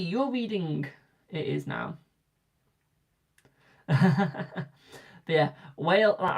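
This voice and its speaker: A young adult tarot reader from Britain chatting casually with live viewers, rambling and repeating phrases for emphasis. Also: medium pitch.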